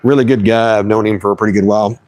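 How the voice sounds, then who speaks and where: A man with a lowish voice chats casually through a fishing live stream. He is folksy and talkative and reads viewer comments aloud as he goes. The sound is close and dry, with no room around it. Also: steady tone, very fast, a little mellow, no echo. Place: outdoors on the water.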